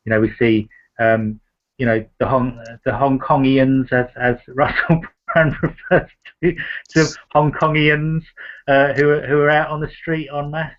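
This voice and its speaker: Guy hosting a chat show, halting, lots of ums, kinda muffled lo-fi sound. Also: mid-range voice, level tone. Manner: halting, many fillers and restarts. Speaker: host. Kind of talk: casual discussion. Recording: dull lo-fi sound.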